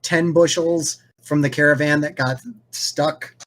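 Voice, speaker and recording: A man voicing a short, brusque male festival organizer who barks rushed, profane orders in a flustered, snappy way. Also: a little high, steady tone, a bit bright. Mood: bossy.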